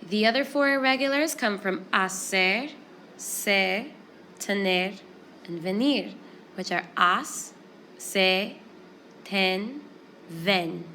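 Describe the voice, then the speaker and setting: A woman's voice: mid-range voice, takes it slowly, long pauses, slight background noise. Woman explaining Spanish grammar step by step. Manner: clear, explanatory, steady step-by-step pacing. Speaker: Spanish teacher. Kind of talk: classroom grammar lesson.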